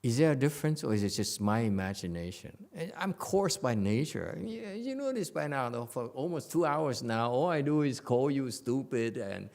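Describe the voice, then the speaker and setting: A Buddhist master lectures in a meditation hall with a gravelly, creaky voice at an everyday middle pitch. He is blunt and teasing, stumbles through fillers and restarts, and needles his listeners. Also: very animated, moderate pace, few pauses, a little mellow. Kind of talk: dharma lecture.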